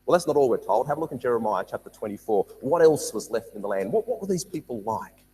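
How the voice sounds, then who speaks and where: Guy teaching bible study, bit husky, voice bouncing up and down, big echoey hall. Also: medium pitch, fast. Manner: animated, repeats words, reads scripture aloud.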